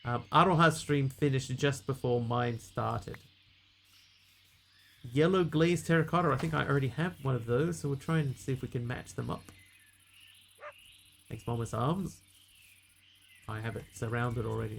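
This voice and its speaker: Man, gravelly voice, game streamer, casual viewer chat, yelps at hits, clear background noise. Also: medium pitch, normal speed, pauses often. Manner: reacts aloud to in-game hits while chatting with viewers.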